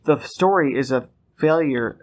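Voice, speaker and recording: A man's voice: medium pitch, a little slow, a little hiss or hum. A man, a guest podcast host, reading a story aloud while stumbling over words and laughing at himself. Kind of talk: casual chat, reading a story.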